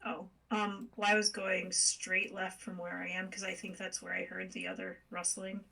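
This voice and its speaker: A woman playing in a tabletop game, talking in a soft, somewhat hesitant way. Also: mid-range voice, level tone, moderate pace, vocal fry, slightly rough, far from the mic, rough recording. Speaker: player. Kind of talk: casual tabletop play.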